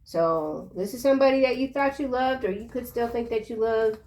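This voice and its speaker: A woman giving a casual tarot reading in a chatty, slangy way, breaking into excited exclamations. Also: a little high, fairly quick. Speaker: tarot reader.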